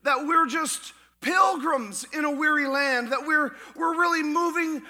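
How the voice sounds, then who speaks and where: A man preaching a sermon as pastor, with rising shouts and a few sung lines. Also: very high-pitched, unhurried. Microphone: church podcast recording of a live sermon.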